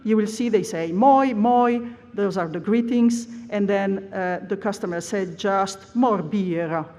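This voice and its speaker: A woman with a medium-pitched, dark-toned voice delivers a plenary lecture at an academic conference at a measured pace. She explains at length, often hesitating with "uh," and the lecture hall gives the audio a long reverb.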